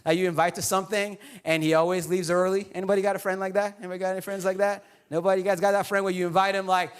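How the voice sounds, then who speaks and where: A man's voice: sits high, fairly even intonation, fast talker, hardly any pauses, smooth. A man preaching a sermon to his congregation in a casual, joking way. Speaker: pastor. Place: church hall before a congregation.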